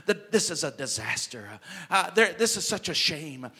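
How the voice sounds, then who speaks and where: A man's voice: on the high side, very animated, moderate pace, sharp tone, slightly rough, long reverb tail, heavily acted. A man voicing Joseph as an upright man who is distraught and in disbelief, in a sermon retelling. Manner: anguished, exclaiming.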